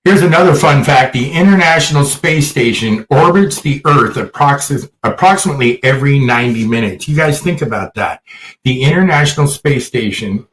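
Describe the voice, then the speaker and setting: A man's voice: medium pitch, echoey room, rough recording. A man with a mid-range voice hosts a laid-back podcast. He talks in a crude, joking way and tells stories with lots of energy. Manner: crude, joking, animated storyteller. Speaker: podcast host. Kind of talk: casual podcast chat.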